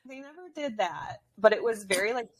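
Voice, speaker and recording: A woman's voice: a little high, expressive, fairly quick. A young woman hosting a podcast and chatting casually with her guest, often agreeing and sprinkling in fillers. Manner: agreeable, many short affirmations and fillers. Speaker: podcast host. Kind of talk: casual interview chat.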